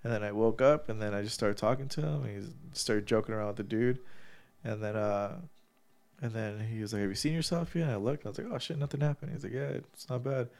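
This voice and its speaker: His voice runs low, gravelly and darkish, and he speaks quickly. Congested from surgery, the podcast co-host swaps a story in casual conversation, swearing and laughing often.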